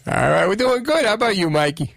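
A man's voice: high voice, very animated, gravelly, a bit bright, no room sound, clean studio sound. A man with a New Jersey accent hosting a radio call-in show, teasing his co-hosts and callers and laughing often. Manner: joking, teasing, quick to laugh. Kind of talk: lively radio banter. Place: radio studio.

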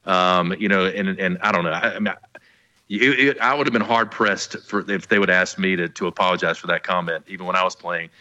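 A man's voice: sits low, brisk, sharp tone, highs cut off. A man, a former college football player, co-hosting a sports talk show in a rambling, easygoing way with many restarts.

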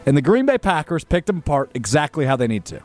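A man hosting a sports talk show in a raised, lively voice that swings up and down as he argues his point. He sounds emphatic and conversational, with a little music faintly underneath. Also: fairly high pitch, quick pace. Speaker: sports radio host. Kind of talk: opinionated sports radio talk.

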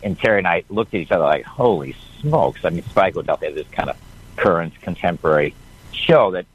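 A man's voice: low voice, fast talker, breathy edge, lo-fi sound. An older man calling in to a radio show, telling a rambling family story with chuckles. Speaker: caller, guest's father. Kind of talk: phone-in storytelling.

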